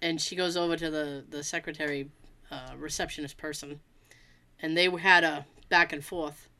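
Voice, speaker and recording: A woman telling a story in casual chat, animated and profane, often laughing as she talks. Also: low voice, moderate pace.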